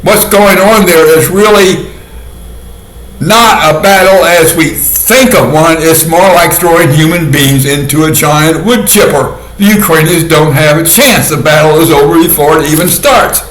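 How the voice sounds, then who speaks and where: A man talks through a casual commentary with a sardonic edge and keeps breaking into laughter at his own dark jokes. His voice sits fairly high, and the sound rings around an echoey room. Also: unhurried. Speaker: video commentator.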